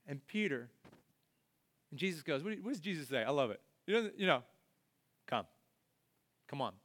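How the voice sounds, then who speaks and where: A man's voice: fairly high pitch, expressive, fairly quick, fairly bright tone. A man preaching a conversational sermon to a church congregation, telling the story casually and acting out the people in it. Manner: casual storytelling, acts out voices of the people he describes. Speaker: pastor. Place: church service before a congregation. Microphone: body-worn microphone.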